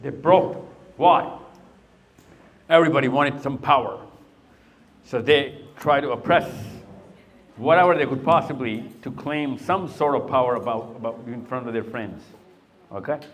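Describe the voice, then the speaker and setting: A man's voice: medium pitch, unhurried, long pauses. A middle-aged man speaking to young people in a live talk, quizzing them patiently and then telling a long story. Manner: questioning, coaxing and storytelling.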